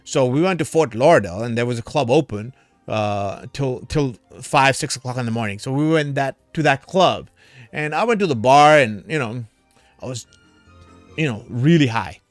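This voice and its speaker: A man's voice: medium pitch, expressive, moderate pace, no echo, soft background music. A man hosting a crypto livestream in a casual, rambling way, a little tipsy from drinking, calling his viewers brother and man.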